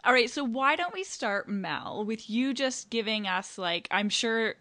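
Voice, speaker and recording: A woman's voice: fairly high pitch, lively intonation, unhurried, sharp tone, no echo. A woman co-hosting a podcast, talking in an easygoing, friendly way and letting phrases trail off. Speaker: podcast co-host. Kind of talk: casual podcast chat.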